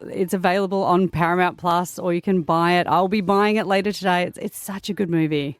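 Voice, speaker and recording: An Australian woman presents entertainment news on a radio show, her voice sitting on the low side. She talks conversationally and sympathetically, with ums and small sighs. The studio mic sounds close and dry. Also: fairly even intonation, a little fast, clear, resonant tone, dry recording. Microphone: studio microphone.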